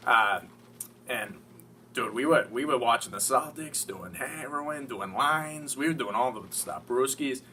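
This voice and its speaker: Profane rambling guy from massachusetts, excitable fan, distant mic, light background hum. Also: medium pitch, a little slow. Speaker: interviewed sports fan. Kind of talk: casual mock interview. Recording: distant mic with faint ambience.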